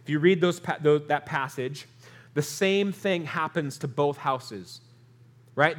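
Man, pastor, sermon, earnest, lifts on lists, drops soft on key lines. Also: a little high, measured pace.

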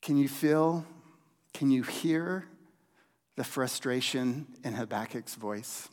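Guy preaching slow and deliberate, big pauses, long reverb like a church hall. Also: mid-range voice, a little mellow. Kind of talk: sermon.

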